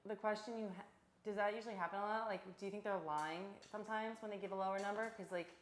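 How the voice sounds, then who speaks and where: A woman's voice: mid-range voice, fairly even intonation, fast talker. A woman student asking the coach hesitant questions, off mic. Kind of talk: casual question from a learner. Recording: echoey room, far from mic.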